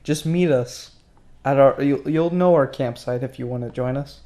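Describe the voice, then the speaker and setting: A man playing in a tabletop game, talking in a halting way with stammered restarts. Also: mid-range voice, warm tone, slight background noise. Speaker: player. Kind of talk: casual tabletop game play.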